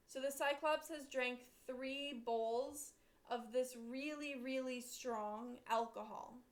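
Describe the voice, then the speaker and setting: A woman's voice: high-pitched, fairly even intonation, slow. A woman teacher reading a classic text aloud and explaining it in a careful way, with a few fillers.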